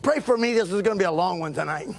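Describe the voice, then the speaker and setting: A man, preaching a fervent sermon in a church, repeating his phrases and often shouting them. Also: high voice, animated, fast talker, vocal fry. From Texas. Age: late 70s. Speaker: pastor. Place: church sanctuary.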